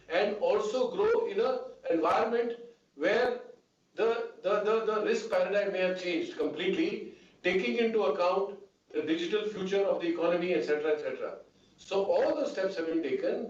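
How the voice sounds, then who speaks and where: A high-pitched man answers shareholders in a formal meeting. He speaks in measured runs with lots of "you know". The audio is distant and echoey, with a muffled, dulled tone. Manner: measured, with many fillers and repeated "you know". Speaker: bank executive answering shareholders.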